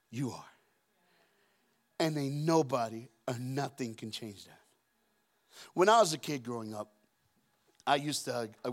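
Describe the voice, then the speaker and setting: A man preaching a sermon as a guest speaker, telling stories and acting out the scenes with shouts and deep put-on voices. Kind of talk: storytelling sermon. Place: church auditorium.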